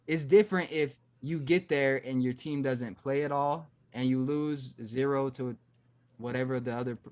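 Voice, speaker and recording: A man hosting a podcast, talking casually and thinking aloud, often restarting his sentences and livening up when he acts out examples. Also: on the high side. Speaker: podcast host. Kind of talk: casual conversation.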